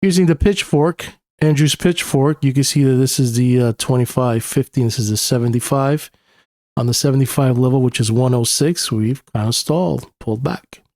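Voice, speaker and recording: A man's voice: mid-range voice, moderate pace, a little mellow, dry recording, clean studio sound. A young man with a New York accent talks casually through market charts as a technical analyst, thinking aloud with plenty of uhs and you-knows. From New York City. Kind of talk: screen-share chart analysis.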